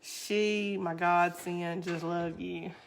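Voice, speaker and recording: A woman's voice: on the low side, fairly even intonation, takes it slowly, gravelly, slight background noise. A woman with a Southern US accent hosting a crafting livestream, chatting casually with viewers, reading their comments aloud and laughing often.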